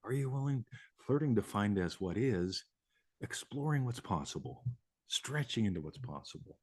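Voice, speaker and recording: A man's voice: fairly low pitch, animated, moderate pace, darkish tone, slightly rough, no echo, clean studio sound. A man hosting a live show, talking casually in a rambling way, swearing and laughing often. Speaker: host.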